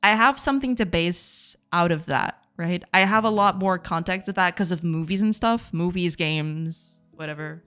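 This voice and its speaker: A woman's voice: on the low side, moderate pace, a bit bright, clean tone. A woman streaming game development live, chatting casually with her viewers, laughing often and repeating herself in a self-deprecating way.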